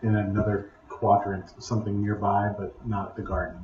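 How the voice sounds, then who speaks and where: An eager, excitable man plays in a tabletop game, talking through his moves. The room sounds echoey. The audio is dull and lo-fi. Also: fairly low pitch, moderate pace, a crowd in the background. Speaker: player. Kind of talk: casual tabletop play.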